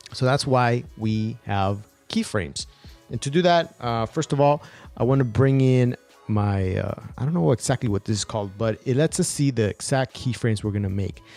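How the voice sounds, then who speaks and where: Upbeat man hosting a software tutorial. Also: fairly low pitch. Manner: upbeat, with casual fillers and restarts. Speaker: video tutorial host.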